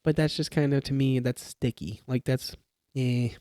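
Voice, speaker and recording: A young man talks casually on a podcast about police work. His voice is mellow and warm, recorded close and dry on a studio mic. He explains through examples, restarting sentences as he goes. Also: mid-range voice, fairly even intonation, moderate pace, dry recording. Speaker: police trainee or new officer.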